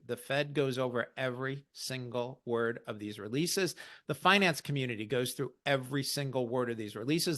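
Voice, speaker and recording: A man's voice: medium pitch, a bit bright. A man hosting an investing podcast, explaining market news in a casual, wry way. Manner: explanatory, wry, quotes others in mock voices.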